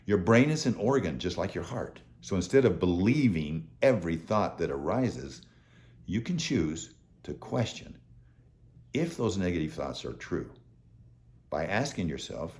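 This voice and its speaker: Low-voiced man in his seventies, animated. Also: moderate pace, slight background noise. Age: 70s. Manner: earnest, animated storytelling. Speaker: host. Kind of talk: motivational talk to viewers.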